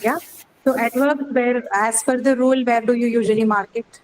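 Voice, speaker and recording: A woman's voice: a little high, steady tone, moderate pace, a little mellow, a little hiss or hum, poor audio. Woman teacher explaining step by step. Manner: explains step by step, often checks in with students. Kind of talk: classroom lecture.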